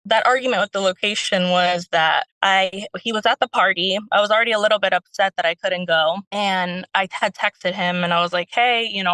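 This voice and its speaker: A woman's voice: mid-range voice, sharp tone, no room sound, rough recording. A young woman calling in as a stay-at-home mom, telling her story in a rambling way with many fillers. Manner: rambling, lots of fillers, retells quotes.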